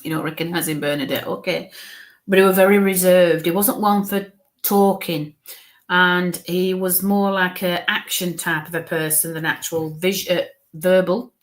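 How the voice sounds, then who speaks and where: A woman medium giving a live spirit reading, talking in halting bits and murmuring soft coaxing asides. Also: fairly low pitch, fairly even intonation.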